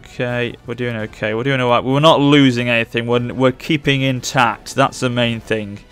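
A man commentating live on his strategy game as he plays, urging his units on and reacting loudly to the battle. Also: mid-range voice, moderate pace, clean tone, faint music behind. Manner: urgent, excitable, barks orders at units. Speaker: gaming channel host.

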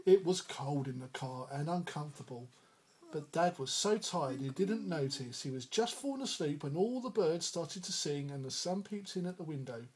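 A man reading a picture book aloud to his child at home in a gentle, animated way. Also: on the high side, moderate pace, slight background noise.

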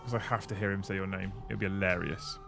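A man's voice: low-pitched, quick pace, creaky. Chatty man hosting a livestream. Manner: chatty, thanks viewers, bursts of excitement. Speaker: livestream host. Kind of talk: casual livestream chat while building models. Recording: faint music behind.

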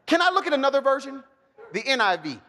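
High-voiced animated man teaching in a hall. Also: fast. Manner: animated, joking, calls for audience response, bursts into shouts. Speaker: Bible teacher. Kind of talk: lively teaching to a live audience. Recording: long hall reverb.

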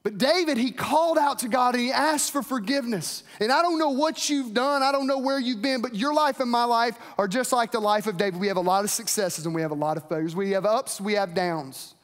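A pastor delivers a sermon with a notably high-pitched voice. He preaches earnestly, lifting and dropping his voice to press his points home. His words ring out with the long reverb of a large church hall. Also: a little fast, hardly any pauses.

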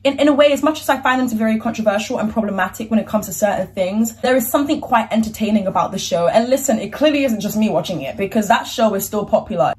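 A woman's voice: medium pitch, lively intonation, quick pace, few pauses. A young woman vlogging in a chatty, slangy, frank way. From United Kingdom. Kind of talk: casual chat.

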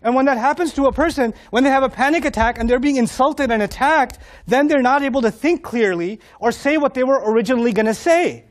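A middle-aged man giving a humorous storytelling talk to an audience, animated and jokey, acting out quotes and voices. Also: very high voice, fast, few pauses. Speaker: Islamic speaker.

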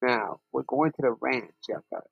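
A young man comments on his racing game in a loose, profane, excitable way. His voice sits in a middle pitch with a gravelly rasp. The sound is dry and close. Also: normal speed, dry recording, highs cut off. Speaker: gaming channel host. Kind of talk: casual gameplay commentary.

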